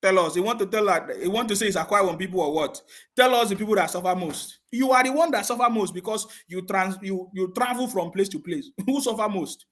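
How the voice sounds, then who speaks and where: A man's voice: high voice, brisk, a bit bright. A man hosting a heated live stream, mocking his critics, laughing often and reading out viewer comments with scorn.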